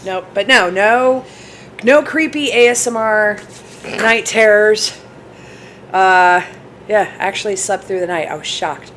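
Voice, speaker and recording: A woman's voice: medium pitch, slow pace, a bit bright, slight background noise, poor audio. A woman co-hosting a casual podcast, talking in a chatty, rambling, self-deprecating way. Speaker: podcast co-host. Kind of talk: casual chat. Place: bar in a bookstore.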